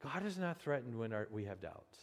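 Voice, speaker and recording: A pastor preaching in a lively, conversational way, his voice rising and falling often. He restarts phrases as he talks to his congregation. The sound rings with long reverb from a large church hall. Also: mid-range voice, brisk. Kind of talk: sermon.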